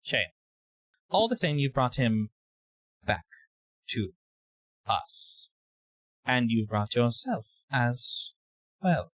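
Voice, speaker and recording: A man voicing an eerie, faceless male alien entity who speaks in slow, cryptic phrases. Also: medium pitch, sing-song, fairly bright tone, no room sound, full character voice. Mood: probing.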